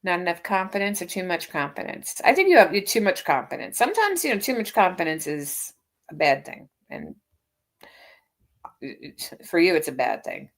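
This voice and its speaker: A woman's voice: lowish voice, big pitch swings, moderate pace, vocal fry. Chatty, teasing woman livestream host. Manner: chatty, teasing, laughs often. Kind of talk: casual livestream chat.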